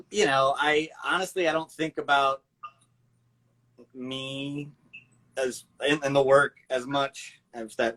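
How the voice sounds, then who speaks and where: A voice actor talks casually about his craft, circling his thoughts with hesitant restarts. His pitch sits in the middle range. He is recorded over a video call. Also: fairly bright tone, poor audio. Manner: rambling, hesitant, many restarts. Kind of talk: casual chat.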